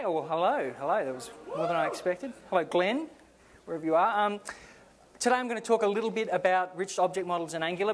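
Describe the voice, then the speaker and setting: A middle-aged Australian man speaks from a conference stage in a slightly high voice. His talk is casual and self-deprecating, dotted with ums and you-knows. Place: conference hall.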